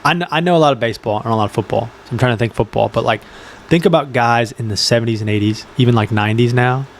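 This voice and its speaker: A young man talking in a loose, rambling podcast chat, full of fillers and quick acted-out quotes. His pitch sits in an ordinary middle range. A faint hiss of noise sits under the recording. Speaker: podcast co-host. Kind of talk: casual chat.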